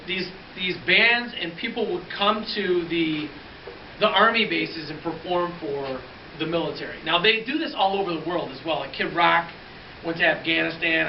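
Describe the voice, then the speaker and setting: A male history teacher telling a story to his class in a lively, animated way, acting out the dialogue with shifting voices. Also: sits high. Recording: roomy, distant, dull with faint hiss.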